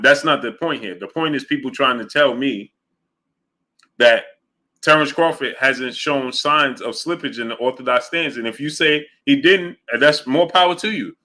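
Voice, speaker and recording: Male livestream host, bright voice at mid pitch, emphatic and argumentative, reads out chat messages. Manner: emphatic, argumentative, repeats his points. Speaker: boxing show host. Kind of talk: livestream commentary reading viewer chat.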